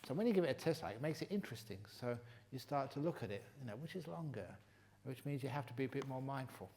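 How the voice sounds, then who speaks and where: Genial older English monk giving a talk. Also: male voice, mid-range voice, lively intonation, fast talker. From England. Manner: humorous, teasing, then gentle and reflective. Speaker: meditation teacher answering questions. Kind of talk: retreat Q&A talk. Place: retreat hall.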